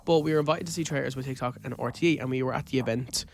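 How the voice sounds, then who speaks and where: A young Irish man co-hosting a podcast, telling a story in a loose, animated way with lots of fillers and quoted asides. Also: medium pitch, rapid-fire, a little hiss or hum. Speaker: podcast co-host. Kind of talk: casual chat.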